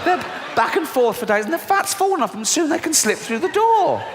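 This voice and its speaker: A middle-aged man with an English accent doing a stand-up comedy set, swearing and mocking, acting out voices with big jumps in pitch. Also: very animated, a little fast, noisy background. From England. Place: large theatre stage before a laughing audience. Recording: live hall with long reverb.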